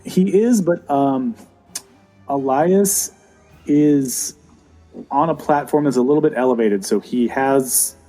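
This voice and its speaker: Mellow-voiced male dungeon master. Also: slow, pauses often, faint music behind, low-quality recording. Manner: describes scenes with fillers, drops to a low voice for villains. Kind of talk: narrating a tabletop game.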